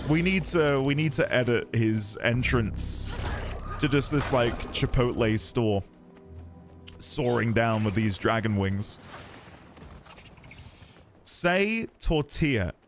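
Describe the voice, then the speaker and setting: A man's voice: medium pitch, slow pace, over music. A British man casually chatting and rambling while streaming a game, laughing easily and answering his chat. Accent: British English. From United Kingdom.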